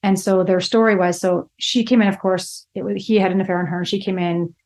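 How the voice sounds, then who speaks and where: A woman's voice: medium pitch, steady tone, a little fast, darkish tone. A woman co-hosting a podcast as a relationship psychologist, telling client stories in a rush with many restarts. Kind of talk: casual podcast conversation.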